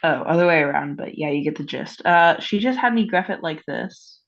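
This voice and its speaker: Over a dull-sounding call, a teenage student asks her tutor about a math problem, speaking briskly in a low, expressive, creaky voice. She's congested and hesitant, filling gaps with lots of "like."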